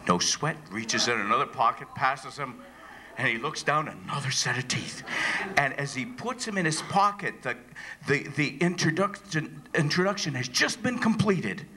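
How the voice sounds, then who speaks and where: A man giving a humorous speech to a club audience, telling a story slowly, with dramatic pauses. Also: mid-range voice, noisy background. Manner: slow, animated joke telling with dramatic pauses. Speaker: motivational speaker. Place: club meeting room, before an audience.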